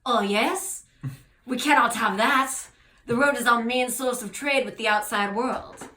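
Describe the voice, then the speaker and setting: Fussy French village clerk, a woman doing him, polite and formal, bright voice, echoey room. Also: fairly high pitch, unhurried, distant mic, a little hiss or hum, pitched above the performer's own voice. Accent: French, put on. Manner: polite, formal, slightly theatrical.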